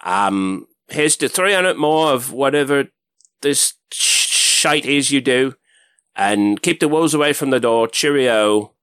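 A man's voice: mid-range voice, animated, slow, a bit bright, clear, resonant tone, dry recording. A man doing a crude old film star. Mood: grudging. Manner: rambling, bemused, crude asides. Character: boastful older English film star, gruff and crude. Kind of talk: comedic impression cameo.

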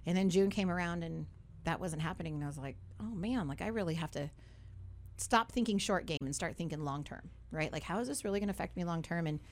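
A woman's voice: lowish voice, quick pace. A young woman hosting a radio talk show in a studio, upbeat and chatty, full of fillers and tag questions.

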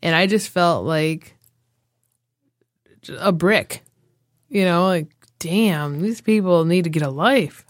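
A woman co-hosting a podcast in casual chat, blunt and quick to agree. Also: fairly low pitch, dry recording, studio quality. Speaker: podcast co-host.

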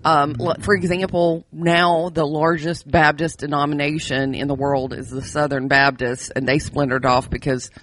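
A woman's voice: sits low, flat delivery, normal speed, few pauses, fairly bright tone. A woman co-hosting a podcast, chatting casually and telling wry stories from her strict religious childhood with plenty of laughs and restarts. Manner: candid storytelling with frequent laughs and restarts. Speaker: podcast co-host. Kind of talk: casual chat.

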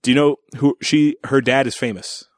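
A man's voice: medium pitch, steady tone, normal speed, dry recording. A man co-hosting a casual podcast, recapping a film and acting out its lines, swearing freely. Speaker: podcast co-host. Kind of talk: casual movie-recap chat.

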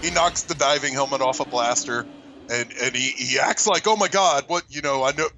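Bright-voiced eager man. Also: medium pitch, fairly quick, a little hiss or hum. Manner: eager, stumbling storyteller. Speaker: commentary co-host. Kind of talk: casual film commentary chat.

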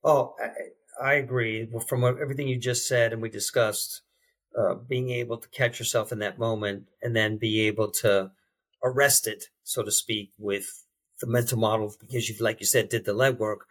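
A man being interviewed as a guest on a podcast, speaking in a halting, reflective way with frequent restarts. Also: lowish voice, fairly even intonation. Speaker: podcast guest, behavior change specialist. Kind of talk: interview conversation.

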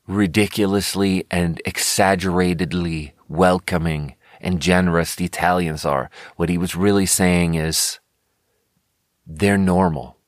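A man's voice: low-pitched, no echo, clean studio sound. Rambling, swearing man. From Sweden. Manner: rambling, profane, self-correcting. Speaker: podcast host. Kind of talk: casual monologue.

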